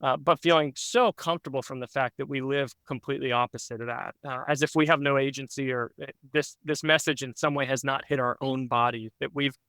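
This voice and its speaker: Male pastor, podcast guest, mid pitch, smooth tone; earnest reflective storytelling with fillers. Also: a bit bright, dry recording.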